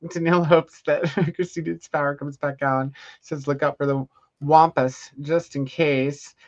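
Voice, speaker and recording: Brief: relaxed stream host reading chat comments, middle pitch, muffled lo-fi sound. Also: unhurried. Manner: relaxed, reads out viewer comments. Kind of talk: casual chat.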